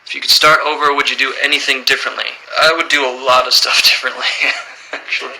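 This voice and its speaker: This time the livestreamer, a man in his thirties, talks fast with vocal fry at a medium pitch, casually reading fans' questions and giving plain answers. The audio is poor.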